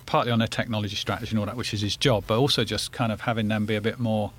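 A man's voice: lowish voice, level tone, very fast. A man speaking as a guest in a casual podcast discussion, hesitant and full of restarts. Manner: hesitant, many fillers and restarts.

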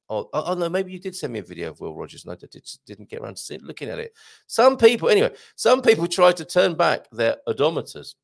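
Chatty man with gravelly voice. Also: mid-range voice. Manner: chatty, self-interrupting, laughs at his own jokes. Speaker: live show host. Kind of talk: casual live-stream chat reading viewer comments.

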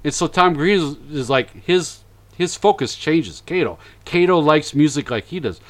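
A man's voice: a little high, normal speed. A man hosting a casual podcast chat, recapping events animatedly and acting out quotes. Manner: animated, acts out quotes in voices. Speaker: podcast host.

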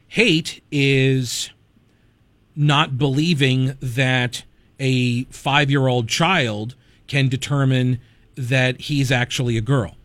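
A male talk radio host speaking into a close studio mic with a dry, deadened sound. He rambles in a conversational, opinionated way and keeps wandering off on wry side notes. His pitch sits in the middle range. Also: a bit bright, no room sound. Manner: conversational, digressive, wry asides. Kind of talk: conservative talk radio commentary.

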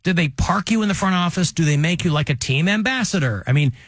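A man's voice: high voice, lively intonation, fast, a bit bright, no echo, studio quality. A man hosting a talk radio show, chatting casually with a wry, joking manner and rambling asides.

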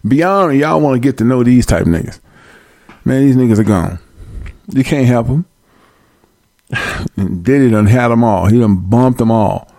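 A man hosting a talk show, ranting in a loud, profane, mocking comedic style. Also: mid-range voice, lively intonation, measured pace, long pauses, no echo. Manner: loud, profane, mocking, uses preacher-like call-outs. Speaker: show host.

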